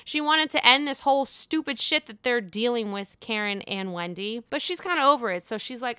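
A woman's voice: fairly high pitch, animated, pushed and bright, smooth, no echo, clean studio sound. Sassy, profane woman recapping reality TV. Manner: sassy, profane, mimics cast members in quick put-on voices. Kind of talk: casual reality show recap commentary.

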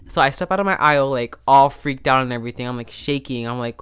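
A man's voice: mid-range voice, fast talker, a bit bright, clean tone. Rambling man telling a story on a podcast. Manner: self-interrupting, restarts and asides. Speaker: podcast host. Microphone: podcast microphone.

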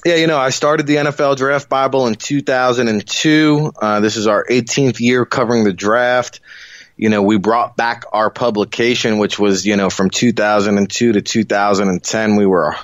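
A man's voice: mid-range voice, steady tone, moderate pace, dry recording. A man with a New Jersey accent, a guest analyst talking eagerly in a rambling casual way, peppered with "you know". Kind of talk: casual interview talk. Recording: dull lo-fi remote line.

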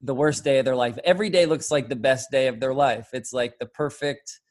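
A middle-aged man hosts a casual chat, rambling in an animated way, cursing freely and imitating other people's voices. His voice sits in the mid range, and he talks briskly.

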